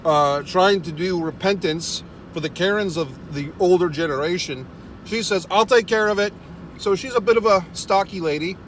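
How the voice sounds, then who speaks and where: A man's voice: on the high side, slight background noise. A man telling a comic rant in a parked car, exasperated, swearing constantly and laughing at himself. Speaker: vlogger. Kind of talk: profane comedic storytelling rant.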